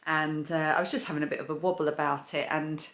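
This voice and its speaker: A woman's voice: sits low, fairly even intonation, fast, fairly bright tone. A British woman chatting casually in a crafting vlog at home, rambling and hesitant with many fillers and restarts. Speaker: crafting YouTuber. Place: home, indoors. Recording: echoey room.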